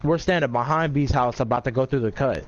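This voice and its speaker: A man tells a long story in a loose, rambling way, leaning on fillers and swearing freely. His voice sits at an ordinary pitch for a man. The audio is dull and muffled. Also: fast, a little hiss or hum. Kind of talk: casual chat.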